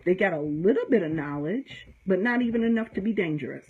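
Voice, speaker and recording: The audio is tinny and narrow with a little hiss or hum, carrying a middle-aged American woman's mid-range voice, animated and brisk. A conjure practitioner, she gives straight-talking, profane advice in an informal teaching talk, storytelling emphatically and often asking "okay?"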